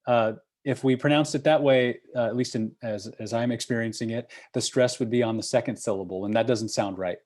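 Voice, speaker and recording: A man's voice: medium pitch, steady tone, fairly quick, few pauses, darkish tone. A man leading an online course review session, patient and encouraging, checking in often with "okay?" and "right?" over a computer mic. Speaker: course instructor.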